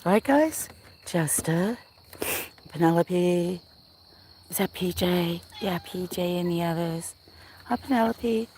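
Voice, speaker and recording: Walking around outside at dusk, a farm livestreamer films on her handheld phone, greeting her audience and talking baby talk to her cats. She has a Southern US accent and a lowish voice, speaking a bit slowly and pausing often in a relaxed, casual way.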